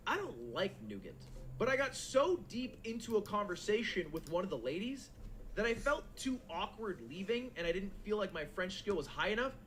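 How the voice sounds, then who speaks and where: A young man with a fairly high voice tells a rambling anecdote, swinging his pitch up and down with animated, profane energy. It sounds like a casual stream chat with a faint hum of noise underneath. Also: moderate pace. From United States. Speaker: stream co-host.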